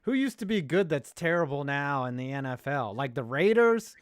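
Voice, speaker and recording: A man hosting a casual sports podcast, joking as he reads out viewer comments. His voice sits a little high and sounds smooth and resonant. The recording is dry and close. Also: very animated, moderate pace, no echo. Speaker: podcast host.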